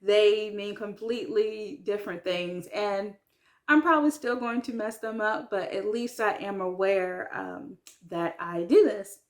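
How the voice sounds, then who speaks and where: Chatty woman learning French. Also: medium pitch. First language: English. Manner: chatty, self-deprecating, many ums and likes, slow careful French words. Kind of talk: casual talk to camera.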